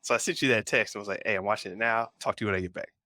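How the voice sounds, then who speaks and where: A man's voice: on the low side, racing, no room sound. A man co-hosting a pop culture podcast, telling a rambling story in casual chat. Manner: rambling storyteller, animated retelling. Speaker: podcast co-host.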